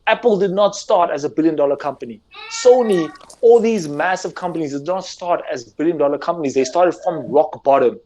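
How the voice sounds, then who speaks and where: South african guy, kinda high voice, gets worked up and repeats words making his point. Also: fairly quick, slight background noise. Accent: South African English. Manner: animated, earnest, repeats words when pressing a point. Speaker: podcast guest, gamer. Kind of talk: casual discussion.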